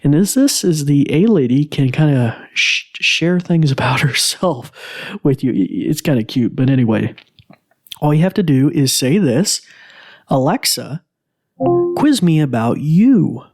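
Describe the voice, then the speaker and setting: A man's voice: fairly high pitch, lively intonation, unhurried. A man hosting a tech podcast, talking casually in a rambling, self-correcting, friendly way. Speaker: podcast host.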